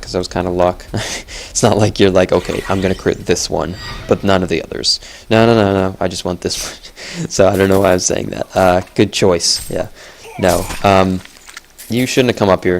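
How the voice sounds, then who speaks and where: A man's voice: low voice, gravelly. A young man giving casual, chatty commentary on a game replay, blunt and often correcting himself.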